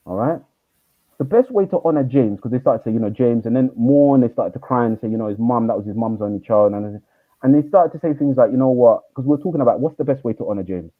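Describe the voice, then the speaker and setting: Fast-talking man on a tinny line. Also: mid-range voice. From East London. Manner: animated storyteller, quick. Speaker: guest, teacher trainer. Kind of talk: interview storytelling.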